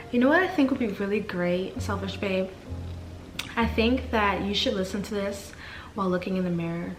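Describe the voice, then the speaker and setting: A woman hosting a podcast, reading soft repeated affirmations and then chatting casually and excitably. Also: medium pitch, moderate pace, roomy sound, music in the background. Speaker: podcast host. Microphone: desk mic with camera.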